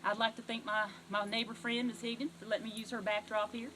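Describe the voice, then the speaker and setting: A middle-aged woman with a Southern US accent, hosting a comedic talk show monologue in a folksy, animated storytelling manner. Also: on the high side, quick pace, slight background noise, rough recording. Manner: folksy, animated storytelling with sudden loud outbursts.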